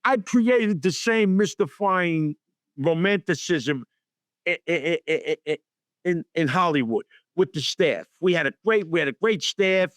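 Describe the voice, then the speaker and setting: A man's voice: high-pitched, a little slow, dry recording, studio quality. A middle-aged man, telling stories as a guest and acting out the people he quotes. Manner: animated storyteller acting out quotes in voices. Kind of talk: storytelling interview.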